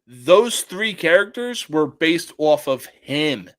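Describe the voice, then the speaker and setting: High, lively man telling stories slowly. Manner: profane, animated storyteller. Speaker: podcast co-host. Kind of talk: casual chat.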